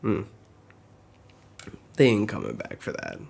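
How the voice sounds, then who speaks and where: A man's voice: fairly low pitch, expressive, slow pace, a little mellow. A tired, yawning man hosting a live manga reaction, reading scenes aloud and adding his own asides.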